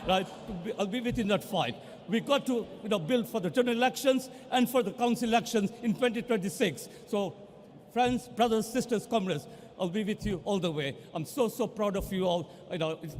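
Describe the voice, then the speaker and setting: A man giving a passionate victory speech as a newly elected assembly member, building to rousing shouts in a large count hall. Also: sits high, brisk, a little hiss or hum. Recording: long reverb of a big hall.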